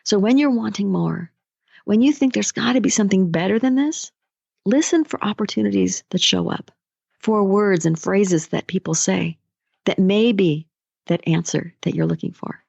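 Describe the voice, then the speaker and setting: A woman life coach talks through a motivational solo podcast in a casual storytelling way. Her voice has a gravelly fry to it, recorded close and dry. The sound is muffled and lo-fi. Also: medium pitch, normal speed, a little mellow, no room sound. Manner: conversational, storytelling.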